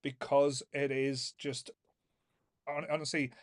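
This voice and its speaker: A man's voice: medium pitch, level tone, slow pace. A man co-hosting a podcast, talking casually and enthusiastically, with frequent restarts. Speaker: podcast co-host. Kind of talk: casual chat.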